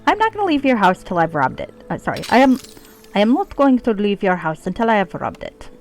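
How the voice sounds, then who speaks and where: A woman voicing a cocky female thief in a deliberately terrible, made-up foreign accent. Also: a little high, wildly swooping pitch, soft background music, voice pushed up.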